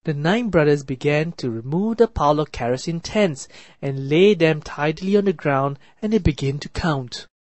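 A woman narrating a children's counting story for a math lesson, reading in a clear, deliberate and expressive way. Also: low voice, dry recording. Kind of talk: slow read-aloud children's story narration.

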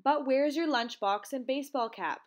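A woman voicing a calm, reassuring frog mother in a storybook read-aloud. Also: high-pitched, moderate pace, voice pushed up, natural voice. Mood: soothing.

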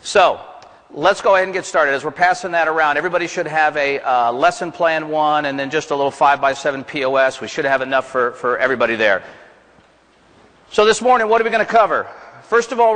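A man's voice: on the high side, a bit bright. A man from the American South gives a plain-spoken, folksy seminar presentation to a conference audience, asking the room questions as he goes. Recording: reverberant conference hall.

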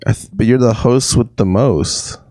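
A man's voice: mid-range voice, moderate pace, warm tone. A young man co-hosting a casual podcast, teasing his friends and laughing a lot. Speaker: podcast co-host.

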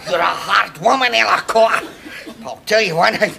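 An actor with a Glaswegian accent playing a middle-aged husband sunbathing, boasting in grand mock-heroic terms. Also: male voice, sits high, a little fast, gravelly, bright, forceful tone, a faint crowd, a little hiss or hum, full character voice. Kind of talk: sitcom acting.

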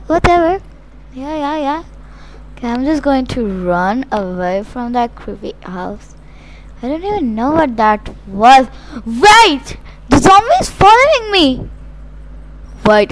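A woman's voice: high-pitched, very animated, slow pace, noisy background. A young woman giving playful, dramatic play-by-play of a zombie game, often shrieking in mock panic. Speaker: gaming channel host.

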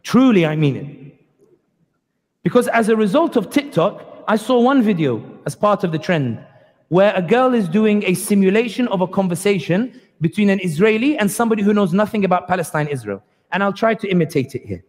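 A man's voice: sits high, animated, fairly quick. A man giving a passionate, sarcastic public lecture at a community event, acting out quoted speakers. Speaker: guest speaker. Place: community hall. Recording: long hall reverb.

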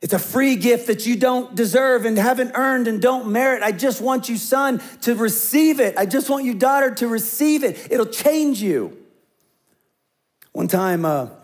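Man, middle-aged, pastor, conversational sermon, slightly high voice, hushed storytelling. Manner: conversational preaching, dropping to hushed tones for stories.

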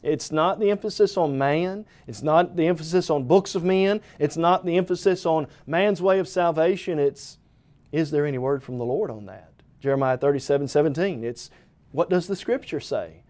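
A man's voice: fairly high pitch, moderate pace, a little mellow. A man preaching a televised gospel sermon, speaking earnestly and directly to the viewer as "friend", building emphatic repeated phrases. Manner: emphatic repeated phrases, occasional stumbles on words.

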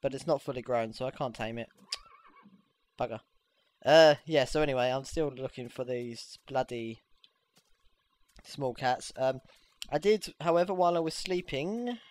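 A gamer giving casual, excitable gameplay commentary, swearing freely and squealing when things go well. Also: mid-range voice. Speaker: let's play gamer.

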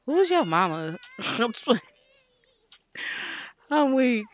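A woman hosting her gaming channel, giving casual commentary in an exasperated, expressive, scolding way. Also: a little high, slow, soft background music.

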